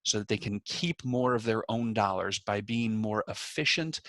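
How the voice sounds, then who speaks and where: A man who is a financial planner, giving an energetic storytelling presentation on a video call. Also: lowish voice, moderate pace, no echo. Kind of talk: webinar presentation.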